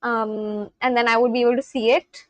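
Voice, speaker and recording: A woman's voice: on the high side, flat delivery, normal speed, dry recording. A woman from India, chatting casually on a livestream, reading and answering viewers' comments. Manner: chatty, reads and answers chat aloud, laughs often. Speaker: livestream host.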